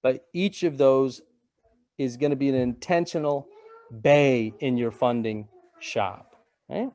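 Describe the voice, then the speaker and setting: A man's voice: mid-range voice, takes it slowly, a little mellow, dry recording. A middle-aged man giving a webinar presentation in a casual, conversational way, repeating phrases and checking in with "right?".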